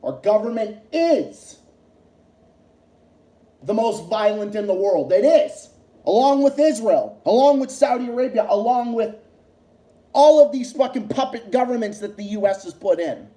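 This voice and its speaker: A man's voice: high voice, expressive, measured pace, warm tone. Fired-up man ranting, echoey room. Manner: profane, repetitive, heated ranting. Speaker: livestream host. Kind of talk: heated political rant on a livestream.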